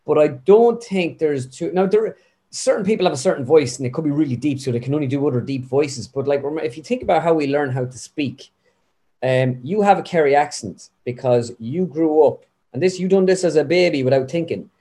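A man's voice: a little high, a little fast. Chatty Irish Midlands man. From Ireland. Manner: chatty, rambling, animated. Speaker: guest impressionist. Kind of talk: casual interview chat.

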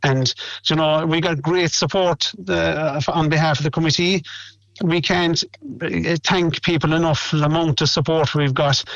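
A man's voice: a little high, fairly even intonation, normal speed, fairly bright tone, dry recording, lo-fi sound. A middle-aged Irish man, a club official and proud parent, giving a radio interview and often repeating words as he searches for them.

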